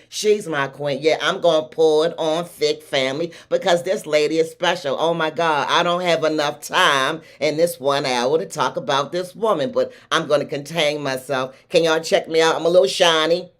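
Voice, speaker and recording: A woman from Baltimore with a Baltimore accent, hosting a livestream talk show and hyping up her audience in an effusive way. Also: low voice. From Baltimore, USA. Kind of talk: hyped livestream show intro.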